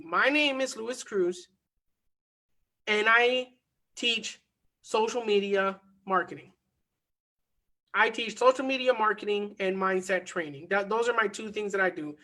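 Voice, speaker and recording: A man coaches on marketing and mindset in an energetic motivational lesson, circling back to repeat his key lines. His voice sits fairly high for a man, with a bright, forceful edge. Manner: energetic, repeats phrases for emphasis.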